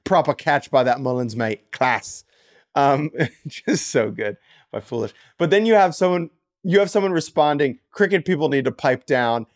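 A man's voice: fairly high pitch, animated, normal speed, no echo, studio quality. A man co-hosting a podcast in casual chat, joking and reading listener comments aloud. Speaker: podcast co-host.

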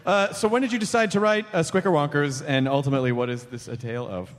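Comic host, high lively voice, live hall reverb. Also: male voice, fast. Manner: joking, animated, tries silly accents. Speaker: podcast host. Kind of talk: casual podcast banter. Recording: hall reverb, faint noise.

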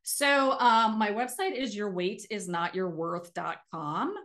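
A woman's voice: medium pitch, unhurried. Middle-aged woman, earnest coach, casual podcast guest. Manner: earnest, animated when making a point. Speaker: guest, emotional eating coach.

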